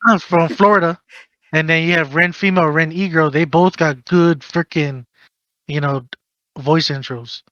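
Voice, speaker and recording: Bright, animated man ranting on a podcast. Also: on the high side, normal speed, no echo, muffled recording. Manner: animated ranting, swearing, mocking impressions. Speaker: podcast host. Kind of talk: casual podcast chat.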